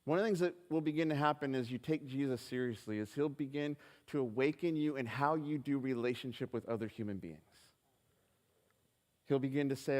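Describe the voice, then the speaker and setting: Earnest pastor telling a story in a reverberant hall. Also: male voice, mid-range voice, a little fast, a little mellow. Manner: earnest storytelling, quotes dialogue with hesitant restarts. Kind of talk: sermon with personal story. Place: church hall. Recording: live stream in reverberant hall.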